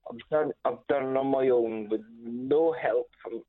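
A man's voice: medium pitch, measured pace, no room sound. A man calling a radio phone-in, a bit drunk, rambling and hesitant as he searches for words. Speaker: caller. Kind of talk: phone-in call. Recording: tinny phone line.

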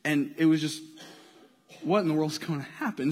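A man preaching a sermon, animated storytelling that swings from loud to hushed. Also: a little high, moderate pace, long pauses. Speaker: pastor. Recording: long reverb of a large hall.

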